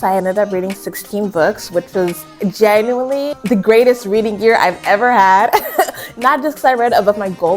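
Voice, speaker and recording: A young woman chatting casually about books she read, bubbly and quick to giggle. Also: medium pitch. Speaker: book reviewer. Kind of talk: casual chat. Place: home room with a bookshelf.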